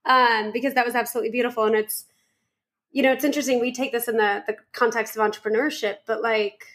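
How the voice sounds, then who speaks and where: A woman's voice: a little high, steady tone, fast talker, a bit bright. Chatty female podcast host. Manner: chatty, informal, lots of fillers. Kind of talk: casual interview chat.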